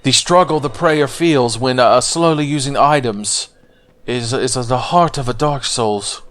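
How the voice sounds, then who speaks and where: A man's voice: mid-range voice, unhurried, a bit bright. A man giving let's play commentary in a jokey, profane, rambling way. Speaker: gameplay commentator.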